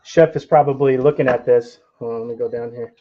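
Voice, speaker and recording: On his live cooking stream, a young channel host chats and jokes with viewers from his home kitchen while he works. His medium-pitched voice stays fairly even and moves fairly quickly, and the sound is lo-fi.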